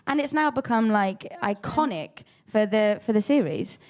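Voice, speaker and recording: A woman with a mid-range voice chats on a talk show in an animated, easy way. She talks freely about someone else's work. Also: mid-range voice, moderate pace.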